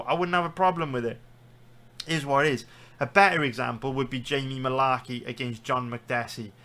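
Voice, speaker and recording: A British-accented man holding forth on a live stream, his voice bright and forceful as he rants and swears heatedly. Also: mid-range voice. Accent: British English. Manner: heated, profane ranting. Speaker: sports betting streamer.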